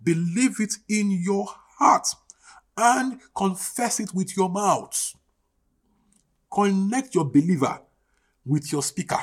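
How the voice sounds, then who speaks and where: A man preaching a sermon as pastor, emphatic and repetitive, with a husky voice. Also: sits high, takes it slowly, pauses often. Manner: emphatic, repetitive preaching with call-and-response questions.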